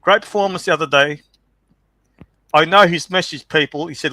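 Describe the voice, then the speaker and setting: A man hosting a livestream, talking excitedly and dramatically with lots of repetition. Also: on the high side, moderate pace, dry recording. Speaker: livestream host. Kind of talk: livestream gossip chat.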